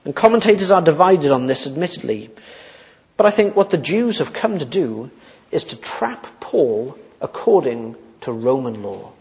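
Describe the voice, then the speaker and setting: A man preaching an expository sermon, emphatic and slowing down on key points. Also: on the high side, big pitch swings, vocal fry, darkish tone. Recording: muffled sound with long reverb in a hall.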